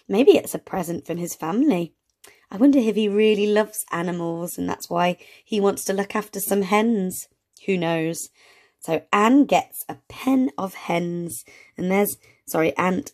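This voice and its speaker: A woman reading a phonics picture book aloud to young children, slowly sounding out words letter by letter and cheering them on. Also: mid-range voice, a little mellow. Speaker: early reading teacher.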